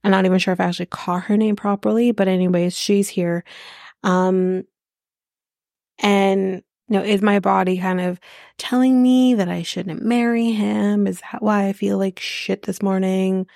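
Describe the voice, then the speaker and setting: A woman's voice: mid-range voice, fairly even intonation, normal speed, creaky, a little mellow, no echo, clean studio sound. A woman hosting a podcast, recapping a reality show in a casual, sarcastic, blunt way with plenty of swearing. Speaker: podcast host.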